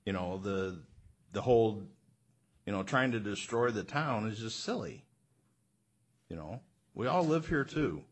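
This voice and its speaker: A man speaking as a councilmember at a city meeting, earnest and halting with many fillers. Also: fairly low pitch, expressive. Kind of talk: council remarks. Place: council chamber.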